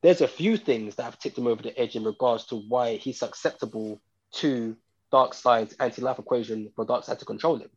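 A man's voice: medium pitch, a little fast, breathy edge, dull audio. A man co-hosting a podcast, chatting casually about a film in a rambling way, repeating himself with many fillers. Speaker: podcast co-host. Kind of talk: casual film review chat.

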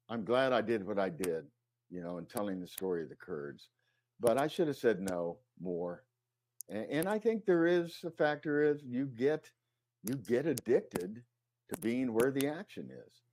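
A middle-aged man, a war correspondent, recounting his experiences in an interview, earnest and halting, with many fillers and restarts. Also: medium pitch, sing-song, darkish tone, a little hiss or hum. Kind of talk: interview storytelling.

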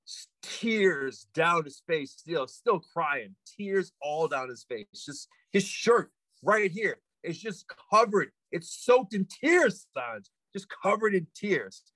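Male guest, chatty storyteller, higher voice with lively swings, dry close sound. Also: slow, no echo. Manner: animated, loose, full of asides. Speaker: podcast guest. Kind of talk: casual storytelling.

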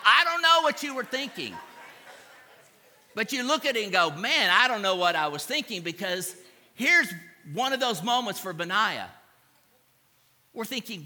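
Male pastor, sermon storyteller; high, very bright voice, long hall reverb. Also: sing-song, normal speed. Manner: dramatic storytelling, acting out crowd reactions; asks the congregation to repeat after him.

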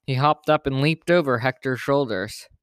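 A man's voice: mid-range voice, normal speed, clear, resonant tone, dry recording, studio quality. Man reading a children's story. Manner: plain, steady storybook narration.

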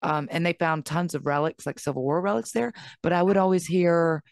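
A woman with a somewhat low voice chats casually, rambling and animated as she tells a story. She slips into quoted voices along the way. The room sounds dry and close. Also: brisk, no echo. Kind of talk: casual chat.

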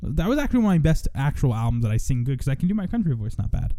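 A man's voice: mid-range voice, big pitch swings, racing, few pauses, dark tone, no echo. A young man hosting a radio show in casual chat, rambling and self-mocking, now and then breaking into joking country singing.

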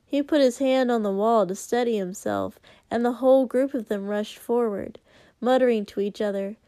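A woman narrating a story in a steady, unhurried reading. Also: on the high side, no echo, clean studio sound. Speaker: audiobook narrator. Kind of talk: story narration read aloud.

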